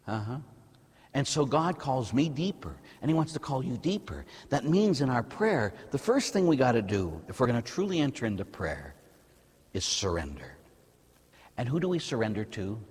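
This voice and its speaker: Middle-aged American priest, husky, lively, sermon with a long church echo. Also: male voice, medium pitch, moderate pace. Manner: lively, conversational preaching, asks the audience "huh?".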